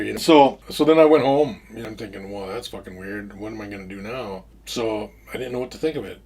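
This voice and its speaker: A man's voice: lowish voice, a little fast, few pauses, a little mellow, breathy edge. A middle-aged man telling a rambling, profane first-person story, stopping and restarting often and acting out both sides of old conversations.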